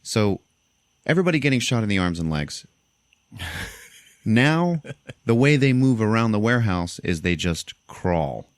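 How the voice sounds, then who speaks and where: A young man with a deep voice hosts a casual podcast and recaps a film scene by scene. He tells it loosely and animatedly, jumping into high voices for the characters. The sound is close and dry. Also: big pitch swings, measured pace, pauses often, no echo. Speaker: podcast host.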